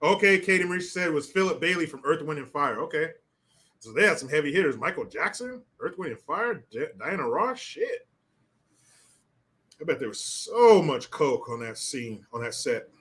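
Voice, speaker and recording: An older man hosting a solo commentary stream, talking in a profane, mocking and animated way. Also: on the high side, fairly quick, slightly rough. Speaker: political commentary host.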